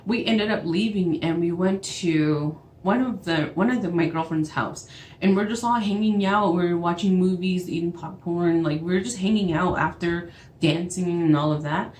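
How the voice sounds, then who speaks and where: Young Navajo woman, storytime vlogger, low voice, animated retelling in a roomy space. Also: moderate pace. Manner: animated retelling, acts out both sides of calls. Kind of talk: storytime vlog. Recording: echoey room with faint background noise.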